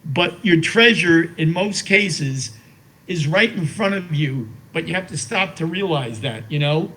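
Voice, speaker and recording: A man's voice: a little high, animated, unhurried, bright, forceful tone, low-quality recording. Older man, rambling and heartfelt. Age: 80s. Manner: rambling, repeats words and says "you know" often. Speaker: interview guest. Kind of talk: heartfelt conversational storytelling.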